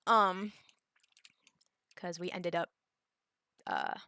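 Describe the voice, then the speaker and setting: A woman's voice: on the low side, fairly even intonation, very slow, bright, forceful tone, clean tone, no echo, clean studio sound. A young woman, telling a personal story in a casual vlog, rambling with many fillers and restarts. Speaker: vlogger.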